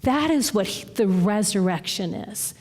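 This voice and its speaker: A woman's voice: mid-range voice, animated, unhurried, darkish tone. Woman teaching a Bible study, hall reverb. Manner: earnest, retells stories with quoted dialogue. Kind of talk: conversational teaching and storytelling.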